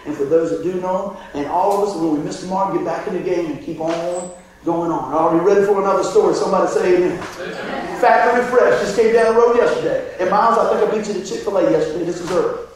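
Male pastor, sermon storyteller, animated with shouts; very high voice, big echo. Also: quick pace. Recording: very echoey hall, distant mic, faint noise.

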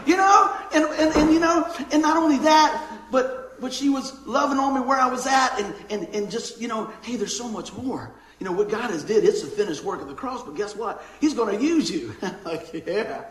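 Casting: male pastor, high voice, informal folksy sermon, roomy echoing church hall. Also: lively intonation, normal speed, few pauses. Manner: folksy, keeps asking the congregation "amen?" and "right?". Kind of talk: conversational sermon.

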